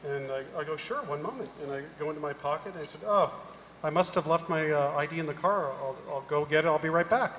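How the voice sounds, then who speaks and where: A middle-aged man on a conference panel, telling an animated story and acting out the people in it. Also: a little high, fast, slight background noise. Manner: animated anecdote-telling, acting out quoted voices. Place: large conference hall. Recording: echoey hall, live panel mic.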